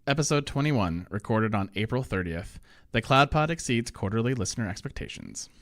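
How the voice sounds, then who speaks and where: A man's voice: medium pitch, expressive, faint music behind. A man hosting a casual tech podcast, chatty and full of fillers. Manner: quick, chatty delivery with frequent fillers. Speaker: podcast host.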